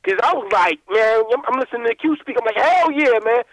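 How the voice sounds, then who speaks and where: A man calling in to a sports podcast, ranting in an animated, rambling way with plenty of swearing and repeated asides. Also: very high-pitched, fast talker, no room sound, rough recording. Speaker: caller. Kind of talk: casual call-in rant.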